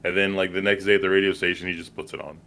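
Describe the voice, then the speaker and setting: Low-voiced, easygoing podcast co-host. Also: male voice, level tone, racing, pushed and bright. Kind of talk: casual movie chat.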